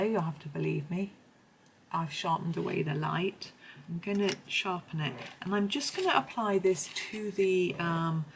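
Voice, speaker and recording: Woman, hoarse, lowish voice, chatty meandering tutorial talk, faint background scratching. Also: a little hiss or hum, rough recording. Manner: chatty, meandering, self-correcting. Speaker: colouring tutorial host. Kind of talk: casual tutorial narration.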